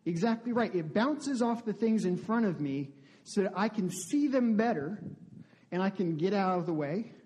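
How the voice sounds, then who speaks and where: A man's voice: sits high, lively intonation, normal speed, darkish tone. A male pastor giving a conversational sermon, often asking the congregation questions. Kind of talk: interactive sermon.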